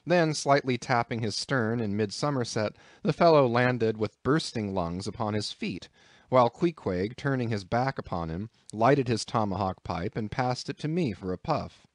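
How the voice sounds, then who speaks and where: A man's voice: mid-range voice, animated, normal speed, no echo. Man narrating an audiobook, dry close sound.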